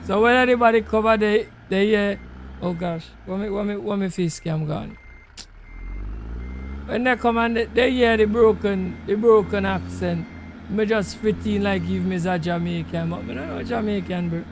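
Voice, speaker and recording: A high-pitched man with a Trinidadian accent chats loosely in creole-flavored English. He comments on his gameplay in a relaxed, conversational way, with a faint hum of noise behind him. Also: moderate pace. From Trinidad and Tobago. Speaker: gaming channel host.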